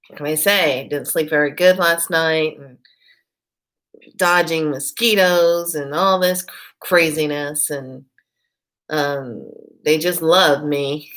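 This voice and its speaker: A woman giving a casual spiritual talk to camera, telling a story and quoting herself and others in lively bursts between slow, reflective stretches. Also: low-pitched. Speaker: spiritual vlogger.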